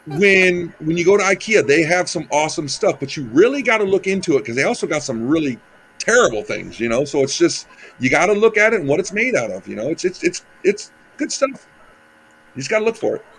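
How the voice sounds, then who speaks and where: A man's voice: a little high, sing-song, fast, a bit bright. A man hosting a casual group chat, rambling and enthusiastic with many restarts. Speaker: channel host.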